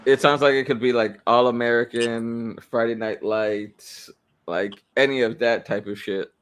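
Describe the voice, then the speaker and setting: A man's voice: mid-range voice, a little slow, slight background noise. A man from Illinois hosting a casual podcast chat, loose and joking, with some swearing. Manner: relaxed, swearing, laughing banter. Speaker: podcast host.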